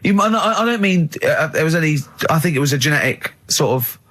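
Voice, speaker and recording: A man, hosting a radio show with teasing, animated banter and long stories. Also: a little high, fast. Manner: teasing, mocking, animated storyteller. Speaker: radio host. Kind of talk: casual studio banter. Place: radio studio.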